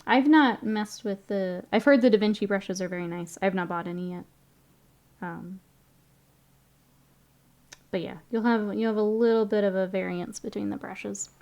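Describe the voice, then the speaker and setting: A woman's voice: medium pitch, steady tone, normal speed, vocal fry, long pauses, a little mellow. Chatty woman painting on a livestream. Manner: chatty, laughs often, reads chat aloud. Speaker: streamer painting miniatures. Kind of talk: casual livestream chat.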